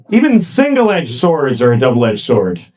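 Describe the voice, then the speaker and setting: A man's voice: high voice, darkish tone. A man doing a stand-up routine, telling crude, self-mocking stories with a lot of swearing. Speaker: stand-up comedian. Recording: laughing crowd behind.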